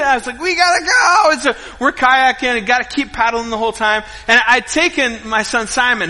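Pastor, middle-aged man, bright piercing tone, animated storyteller; reverberant hall. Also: high-pitched. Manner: animated storytelling with acted-out quotes and yelps. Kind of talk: sermon.

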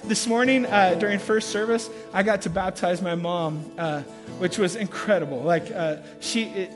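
High-voiced pastor in a reverberant hall. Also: male voice. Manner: animated storyteller with laughs and acted-out sounds. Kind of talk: storytelling sermon. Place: church sanctuary. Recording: large hall with long reverb, faint music.

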